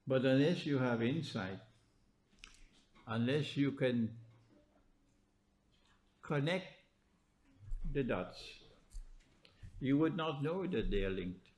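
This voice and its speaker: A man delivers a religious lecture in a mid-range voice that swings up high when he presses a point. He keeps prodding the listener with rhetorical questions and a teasing "huh?", with an emphatic, lively delivery. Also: slow, long pauses. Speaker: Islamic scholar lecturing.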